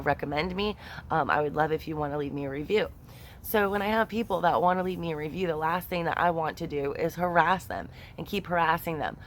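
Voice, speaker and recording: A woman's voice: sits low, fairly bright tone, a little hiss or hum. A woman tarot reader chatting casually and expressively to her viewers, with many fillers. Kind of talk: casual chat to camera.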